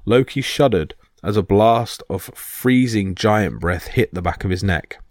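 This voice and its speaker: A man narrating myth stories in a steady, vivid storytelling manner. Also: lowish voice, a little slow, no echo, studio quality.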